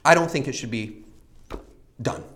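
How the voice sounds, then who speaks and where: A man's voice: mid-range voice, unhurried, a bit bright, slight background noise. A man preaching a sermon, telling a personal story with earnest repetition and frequent rhetorical questions.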